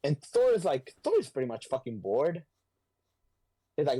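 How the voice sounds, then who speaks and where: A man casually retelling a comic book story on a podcast, slipping into quick voices for the characters, swearing freely and clearing his throat often. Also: mid-range voice, very animated, mellow.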